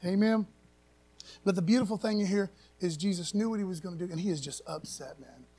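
Male pastor, high-pitched, folksy emphatic sermon delivery, searches for words mid-sentence. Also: a little fast, dark tone. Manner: emphatic and folksy, often tags sentences with "man"; restarts and searches for words aloud. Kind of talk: casual conversational sermon.

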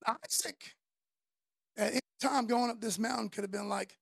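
A woman preaching a casual sermon, slangy and conversational, telling the story in an animated way. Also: fairly high pitch, normal speed, gravelly, breathy edge, dry recording, studio quality.

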